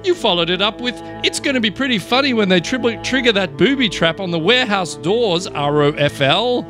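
A shrill, camp comic-story supervillain, gloating in a high squeal with wildly swooping pitch. He drags out his taunts and cackles, all over a bed of music. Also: animated, fairly quick.

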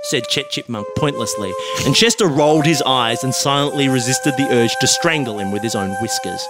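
A man hosting a podcast, reading out an absurd comic story with a deadpan manner. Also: medium pitch, a little fast, few pauses. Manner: deadpan, laughing at his own jokes. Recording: music playing under the voice.

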